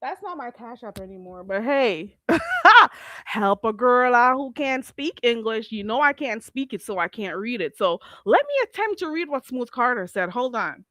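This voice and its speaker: A woman hosting a casual livestream, animated, laughing often and greeting chatters on a close mic. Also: a little high, normal speed, dry recording. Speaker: livestream host.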